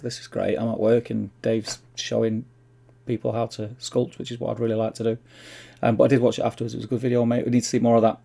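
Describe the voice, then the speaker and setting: A man's voice: medium pitch, level tone, quick pace, creaky, warm tone, slightly rough. A man with a Mancunian accent hosting a casual livestream, rambling chattily and calling viewers "mate" as he reads out their comments. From Manchester, England. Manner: rambling, reads chat aloud, chummy "mate". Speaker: livestream host.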